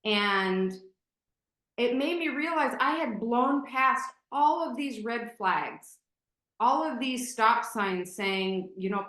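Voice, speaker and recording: A woman's voice: fairly high pitch, lively intonation, takes it slowly, a bit bright. A woman guest telling a personal story candidly and emotionally, with many fillers and restarts. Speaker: podcast guest. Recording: roomy echo.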